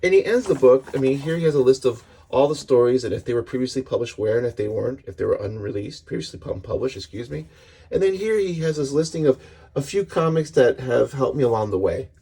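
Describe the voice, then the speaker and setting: A man's voice: medium pitch, animated, quick pace, warm tone, slightly rough. A middle-aged man giving a casual, earnest comics book review, rambling with frequent restarts.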